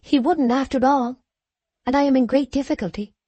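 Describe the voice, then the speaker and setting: A woman's voice: sits high, fairly even intonation, moderate pace, warm tone, husky, dry recording, voice pushed up. A woman reading an audiobook, voicing a humble young barmaid who pleads for help in a raised voice. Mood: pleading.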